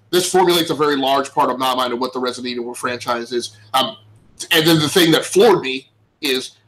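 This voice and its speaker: A male podcast co-host talking about games with plain excitement. His voice sits a little high, and he stumbles and restarts as he gushes. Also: low-quality recording. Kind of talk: casual chat.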